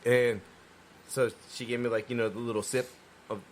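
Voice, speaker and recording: A man's voice: medium pitch, little pitch movement, normal speed, a little hiss or hum. Man telling a rambling, swear-filled story. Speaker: podcast co-host. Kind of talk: casual beer-tasting chat.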